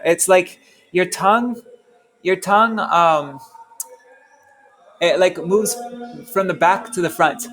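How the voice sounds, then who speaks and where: A man teaching a relaxed language class, chatty and self-interrupting, who repeats sounds over and over to demonstrate them. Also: a little high, moderate pace. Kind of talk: casual online class.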